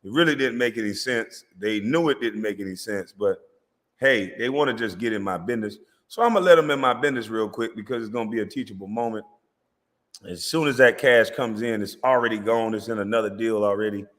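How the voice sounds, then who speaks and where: A man's voice: lowish voice, fairly quick, fairly bright tone. A man ranting boastfully and brashly in a casual vlog, speaking straight to viewers. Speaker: vlogger. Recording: long reverb.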